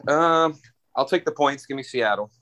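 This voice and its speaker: A man's voice: mid-range voice, normal speed, background noise. A man in a casual sports chat, thinking aloud with hesitations and trailing-off sentences. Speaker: regular panelist.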